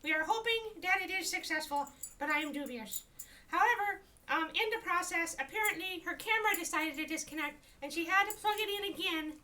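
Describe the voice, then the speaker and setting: A woman's voice: extremely high pitch, a little fast, pushed and bright, recorded from a distance, voice pushed up. A woman voicing her small female pet dog, who reads out the technical news in a formal, doubtful tone. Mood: prim, dubious. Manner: formal newsreader delivery, wry and doubtful. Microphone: desk microphone, heard from a distance.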